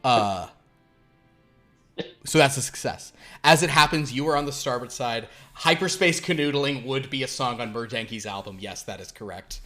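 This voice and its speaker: A man's voice: medium pitch, moderate pace, a bit bright, faint music behind. A man narrating as game master of a tabletop role-playing game, rambling with many fillers. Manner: rambling, full of ums and uhs, chuckling.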